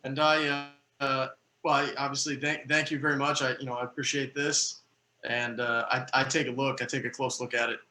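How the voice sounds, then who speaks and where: A man speaking softly and haltingly as a player in a tabletop game. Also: medium pitch, level tone, echoey room, slight background noise, low-quality recording. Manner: soft-spoken, halting. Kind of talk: casual play talk.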